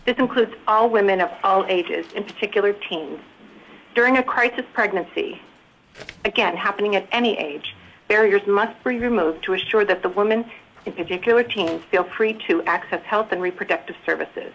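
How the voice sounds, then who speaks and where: A woman testifies for her organization in measured, formal tones. Her voice sits mid-pitch. It comes through a dull line with faint noise behind it. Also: a bit bright. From Alaska. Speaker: public health advocate.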